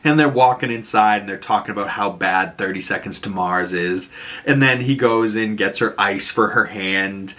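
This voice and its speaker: A man's voice: lowish voice, normal speed, pushed and bright. A man with a Boston accent casually recapping a TV episode, rambling and often laughing. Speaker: TV recap YouTuber.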